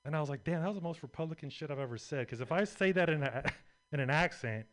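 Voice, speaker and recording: A young man works a comedy club stage, rambling through a crude, self-deprecating set. His voice sits a little on the high side, and he talks through a stage microphone. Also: quick pace, fairly bright tone. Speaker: stand-up comedian.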